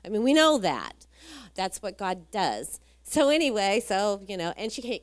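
A woman's voice: a little high, clear, resonant tone. A woman telling a church story to a congregation, rambling, with many restarts and fillers. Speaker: guest speaker in church. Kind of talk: testimony storytelling.

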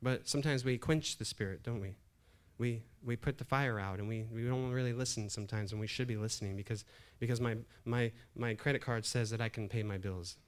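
A middle-aged man giving a sermon in a plain, mid-pitched voice. He preaches conversationally, repeating and restarting phrases as he builds emphasis. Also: steady tone, fairly quick, hardly any pauses, smooth. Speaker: pastor.

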